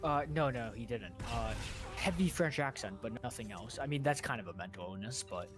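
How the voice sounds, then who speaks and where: A man from the United States streaming a game, chatting casually in a rambling, halting way with many restarts. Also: mid-range voice, expressive, music in the background. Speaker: streamer, former soldier. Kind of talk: casual chat while gaming.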